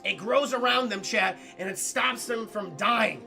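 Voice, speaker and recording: A man casually recapping a film for his livestream chat, excitable and profane, often calling out to the chat. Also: sits high, measured pace, vocal fry, soft background music. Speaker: streamer film reviewer.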